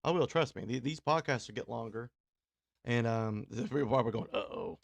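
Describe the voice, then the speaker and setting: A man's voice: medium pitch, animated, fairly quick, creaky, dry recording. A man with a Kentucky accent, a radio host and DJ talking casually and rambling on a livestream, self-deprecating and laughing often between fillers. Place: small home studio.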